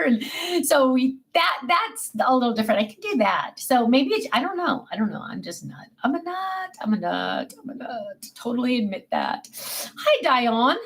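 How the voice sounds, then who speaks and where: A chatty woman with a slightly high voice hosts a relaxed livestream from her desk. She rambles happily and pokes fun at herself as she answers her viewers. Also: normal speed. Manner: chatty, self-mocking, warm replies to viewers. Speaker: livestream host. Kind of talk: casual chat reading viewer comments. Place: home desk.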